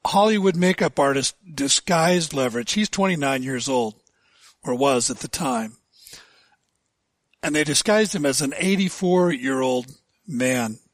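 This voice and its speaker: A male pastor preaching a sermon, asking rhetorical questions with deliberate emphasis. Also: on the high side, no echo.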